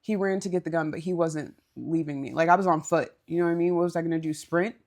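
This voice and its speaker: A woman's voice: low-pitched, fairly even intonation, quick pace, a little mellow. A woman co-hosting a podcast, telling a story in a candid, casual way, swearing and laughing as she goes. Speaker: podcast co-host.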